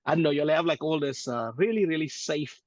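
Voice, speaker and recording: A man with a South African accent, joking in a relaxed, casual podcast chat. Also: fairly high pitch, brisk, dry recording. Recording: dull, dry, lo-fi sound.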